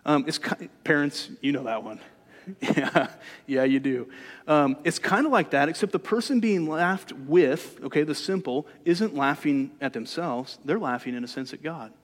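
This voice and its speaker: A man's voice: on the high side, normal speed. Man preaching in a reverberant hall. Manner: conversational preaching with rhetorical questions. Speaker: pastor. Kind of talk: sermon.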